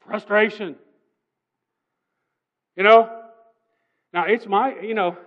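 High-voiced man preaching emphatically. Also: steady tone, slow pace, pauses often, phone-quality sound. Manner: emphatic, swings between loud and soft, conversational asides. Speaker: pastor. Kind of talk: sermon. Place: church sanctuary.

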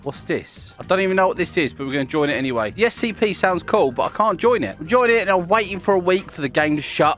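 A young man with a British accent talks through his gameplay in a high, lively voice that jumps all over the place. He bursts into shouts and laughter easily. Light music plays faintly behind him. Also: fast talker, hardly any pauses. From Britain. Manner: excitable, loud outbursts and laughter. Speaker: gaming YouTuber. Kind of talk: casual gameplay commentary.

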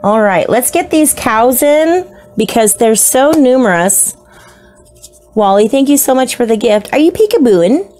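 A woman's voice: on the high side, lively intonation, measured pace, a little mellow, soft background music. A woman narrating a casual unboxing of her new pets, gushing and slipping into baby talk. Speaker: isopod hobbyist vlogger.

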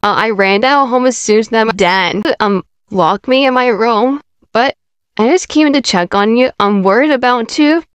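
A woman playing a kind young female friend who gently reassures someone in a casual fan roleplay. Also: fairly high pitch, moderate pace, smooth, no room sound, lightly acted. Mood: reassuring.

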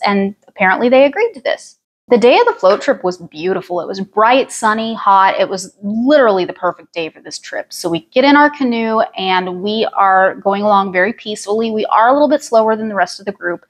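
A woman, telling a personal story with wry asides on a storytime vlog. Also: mid-range voice. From Ozarks, United States. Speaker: vlogger.

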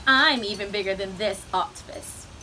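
A woman's voice: mid-range voice, moderate pace, sharp tone, slight background noise, voice pushed down. Woman reading as a boastful giant squid. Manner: proud, boastful.

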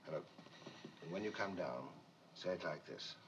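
A man's voice: deep voice, animated, normal speed. A man directing actors on an outdoor film set, coaxing and instructing them in a fussy way, heard on a dull, noisy archival recording.

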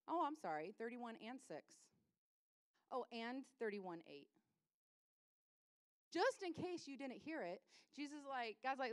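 A woman pastor giving a lively, self-deprecating sermon, repeating lines for emphasis. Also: fairly high pitch, normal speed, pauses often, no room sound.

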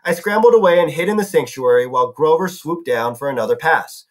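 A man's voice: a little high, animated, brisk. A man reading a novel aloud as a narrator, now and then correcting himself. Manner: narrating with some self-corrections. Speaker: audiobook reader.

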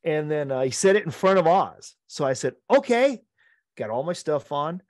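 A middle-aged man, a podcast co-host, telling an animated story among friends, laughing often and acting out the quotes. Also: on the high side, fairly quick, dry recording, clean studio sound.

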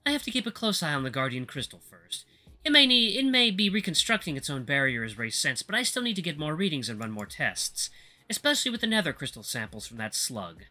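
A man playing a brisk analytical researcher. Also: fairly high pitch, big pitch swings, pushed and bright, full character voice. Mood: matter-of-fact. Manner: clinical, matter-of-fact.

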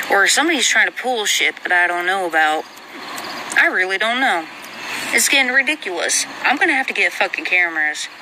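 A woman's voice: medium pitch, noisy background. A young woman venting at home in an agitated rant, swearing heavily throughout. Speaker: vlogger. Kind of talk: venting monologue.

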